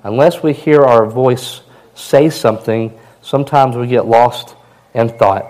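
A man preaching a sermon in a plain, conversational way, his voice a little hoarse. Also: mid-range voice, unhurried, a little mellow, rough recording. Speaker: pastor.

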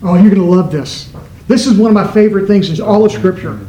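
A man preaching a sermon as pastor, stressing words with emphatic shifts in pitch. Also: fast talker, dark tone, reverberant, low-quality recording.

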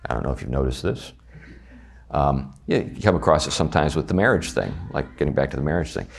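Southern male Bible teacher, low voice with lively inflection, chatty classroom delivery. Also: fast talker, creaky, husky. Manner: conversational, animated, asks the class questions. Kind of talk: teaching a class on a confession of faith.

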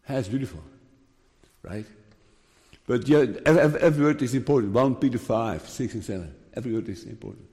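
A man preaching a sermon, slow and emphatic, repeating key phrases. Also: medium pitch, lively intonation, warm tone. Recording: long hall reverb.

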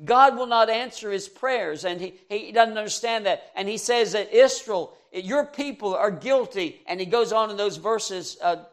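A man with a notably high voice delivers a sermon. He talks earnestly, puts questions straight to his listeners, and moves between loud, pressing emphasis and soft, low asides. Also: measured pace, few pauses. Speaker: preacher.

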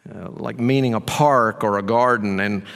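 A man preaching a sermon as pastor, earnest and emphatic, moving between firm statements and hushed asides. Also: fairly low pitch, normal speed, vocal fry. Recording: long reverb of a large hall.

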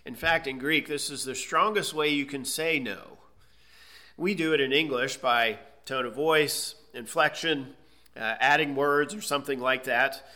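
A man's voice: mid-range voice, unhurried, sharp tone. A man preaching an expository sermon, teaching emphatically and asking rhetorical questions. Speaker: pastor.

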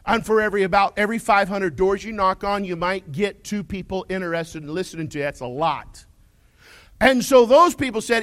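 A male pastor delivers a folksy sermon with a fairly high voice that rises and falls dramatically. He booms out declarations, drops to quiet asides, and keeps throwing questions at his congregation. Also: expressive, brisk. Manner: swings between loud declarations and quiet asides.

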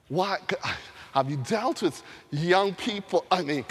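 A male preacher delivers a sermon with animated storytelling, sound effects and frequent laughter. His voice is high and swings widely in pitch. A long reverb from a large hall hangs on every phrase. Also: a little slow.

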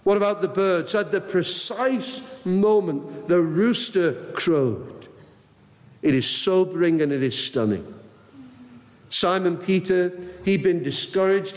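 A man delivers an earnest sermon in a fairly high voice, leaning hard on key words and acting out quoted lines. His voice rings with the long reverb of a large hall. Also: darkish tone. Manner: earnest, emphatic, acts out Bible quotes. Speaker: preacher.

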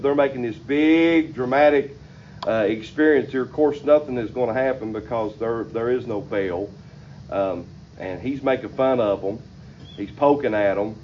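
A pastor preaching a Sunday sermon, reading scripture aloud and then explaining it in plain, colloquial everyday speech. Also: male voice, medium pitch, a little mellow. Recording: slightly dull recording with faint room hiss.

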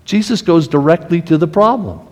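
A male pastor delivering an earnest sermon, with frequent restarts and swings in pace and pitch. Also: expressive, normal speed. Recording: long hall reverb.

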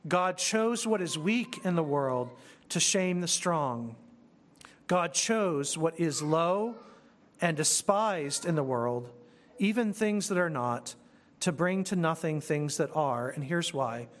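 A man preaching a sermon earnestly, slowing down to stress key words and rushing through asides. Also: on the high side, expressive. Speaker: pastor.

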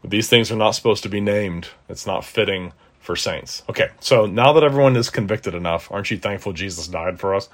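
A man's voice: lowish voice, fairly quick, few pauses, a bit bright. A man preaching an expository sermon, earnest and conversational, with emphatic rises on key points.

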